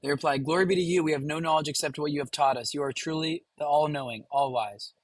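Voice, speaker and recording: Husky-voiced man reading aloud, dry sound. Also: a little high, fast talker, no echo, low-quality recording. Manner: informal, addresses viewers directly. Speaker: reaction video host. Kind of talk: casual reading and commentary.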